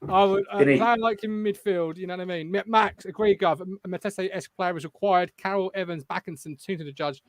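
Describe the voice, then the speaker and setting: A man's voice: high-pitched, fast, few pauses, no room sound. A man with an English accent hosting a football fan show, chatting casually and reading out viewer comments. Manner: banter, reads viewer comments aloud.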